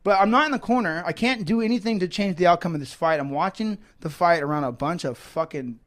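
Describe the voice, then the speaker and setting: A man's voice: high voice, quick pace, fairly bright tone. A fighter in a casual interview, talking in a rambling, profane way and often restarting his sentences.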